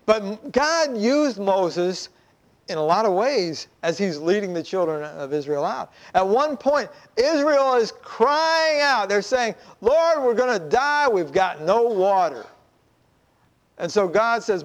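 A man preaching a sermon, telling a story in an animated way and acting out the voices of the people in it. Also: high voice, takes it slowly, pauses often. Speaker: pastor.

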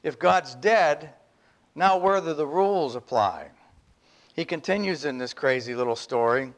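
A man's voice: expressive, a little slow. A man preaching an earnest, emphatic sermon and reading a text aloud to his congregation. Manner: earnest, emphatic, rises in pitch when reading. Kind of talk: sermon with read-aloud passage.

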